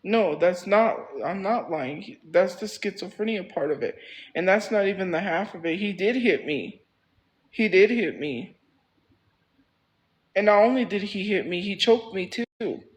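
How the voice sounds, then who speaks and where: A man with a notably high-pitched voice, talking casually on a livestream. He rambles and circles back, repeating phrases for emphasis. His tone stays heated and defensive. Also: normal speed, low-quality recording.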